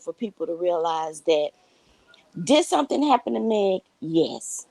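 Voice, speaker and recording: A woman's voice: mid-range voice, expressive, unhurried, low-quality recording. A woman co-hosting a casual commentary show, giving blunt, profane opinions.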